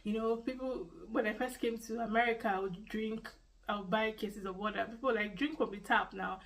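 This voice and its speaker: A woman's voice: on the high side, level tone, fairly quick, far from the mic, rough recording. A Nigerian woman telling a personal story in a vlog, earnest and repeating key phrases for emphasis. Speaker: vlogger.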